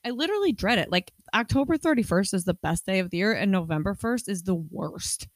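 A woman's voice: medium pitch, expressive, fairly quick, dry recording. Foul-mouthed laughing woman podcaster. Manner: profane, blunt, laughs often. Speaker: podcast co-host. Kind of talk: casual chat.

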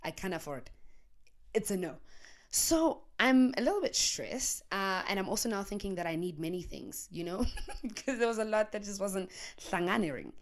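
A young South African woman telling a story on her podcast in a lively casual way, laughing often and slipping in Zulu slang, speaking into a handheld mic on her bed. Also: mid-range voice, moderate pace. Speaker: podcaster and YouTuber. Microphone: handheld microphone.

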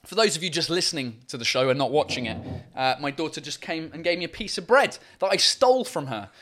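This livestream host is a man with a fairly high, bright, expressive voice who talks fast. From home, he reads out viewer comments in a casual, rambling way, full of fillers and swearing.

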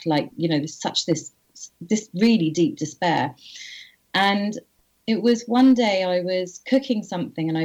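A woman guest on an interview, candidly telling a personal story in an earnest, halting way with frequent restarts. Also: lowish voice, a little mellow. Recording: slightly muffled audio.

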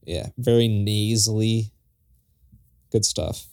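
Relaxed man on a casual music podcast. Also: fairly low pitch, clean tone, no room sound, studio quality. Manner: relaxed, quick to laugh, loose phrasing. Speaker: podcast co-host. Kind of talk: casual music review chat.

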